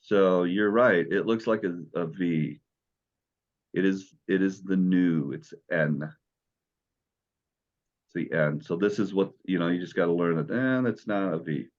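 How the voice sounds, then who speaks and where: A man's voice: sits low, measured pace, pauses often, lo-fi sound. A man teaching a beginners' Greek class, explaining letters and sounds patiently, step by step. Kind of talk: classroom lesson.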